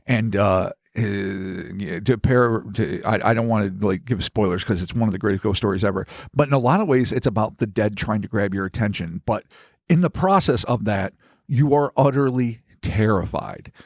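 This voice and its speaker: A podcast host with a fairly low, slightly mellow voice speaks at a moderate pace in clean studio sound with no echo. In casual podcast chat, he reads listener stories aloud and riffs on them, rambling, joking and swearing.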